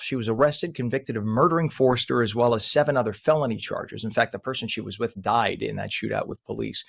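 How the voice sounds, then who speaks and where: A male morning show host rants about the news with indignation, sharing strong opinions, his pitch jumping up whenever he gets heated.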